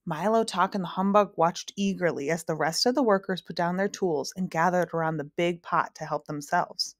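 Woman reader, lowish voice, dry close recording, calm chapter-book storytelling. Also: moderate pace, no echo. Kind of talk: reading a children's novel aloud.

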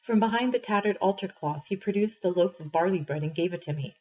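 A woman reads a novel aloud to her class in a calm, measured storytelling voice. Her tone is husky and a little breathy. The recording sounds dull and lo-fi. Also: on the low side. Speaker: teacher reading aloud.

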